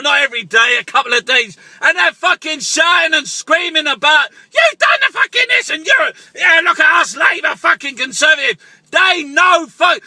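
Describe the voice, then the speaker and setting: A man delivering an angry political rant, shouting and swearing a lot, often breaking off and restarting his sentences. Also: very high voice, no echo.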